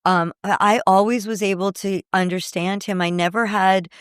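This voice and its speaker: A woman guest on a podcast in casual chat, reminiscing in a soft-spoken way. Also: medium pitch, steady tone, normal speed, clean tone, dry recording, clean studio sound.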